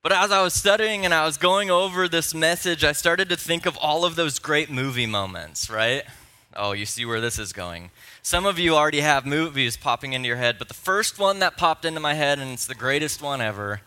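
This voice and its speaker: A man pastor preaching a sermon in a church, playful and excitable, with nerdy enthusiasm. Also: a little high, normal speed, smooth. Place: church sanctuary.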